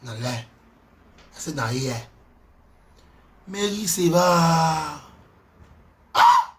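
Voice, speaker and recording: Man, Nigerian Pidgin accent, fairly high voice, scolding, animated, repeats himself. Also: slow pace, background noise. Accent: Nigerian Pidgin English. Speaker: social media commentator. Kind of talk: heated monologue.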